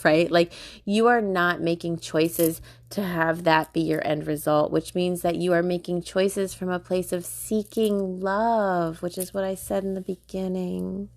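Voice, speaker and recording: A young woman hosts her own podcast in a loose, chatty monologue, full of "like" fillers and casual swearing. Her voice sits a little low for a woman. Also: steady tone, a little slow. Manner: chatty, filler-heavy, swearing, laughing often. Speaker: podcast host.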